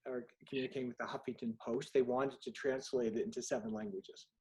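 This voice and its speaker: A man's voice: mid-range voice, steady tone, fast talker, darkish tone, rough recording. A middle-aged man, an author being interviewed, telling candid anecdotes and acting out bits of dialogue. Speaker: author guest. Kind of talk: storytelling in an interview.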